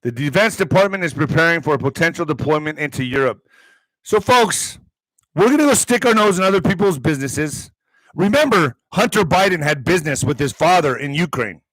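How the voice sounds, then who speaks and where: A man's voice: a little high, expressive, brisk, fairly bright tone, no room sound, low-quality recording. A man hosting an online commentary show, reading news items aloud and breaking off into profane, sarcastic asides. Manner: profane, sarcastic asides between read headlines.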